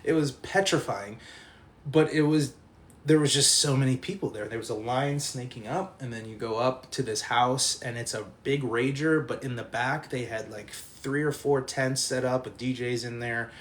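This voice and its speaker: A man's voice: mid-range voice, normal speed, slight background noise. A man telling a rowdy anecdote in casual talk, laughing often and swearing freely.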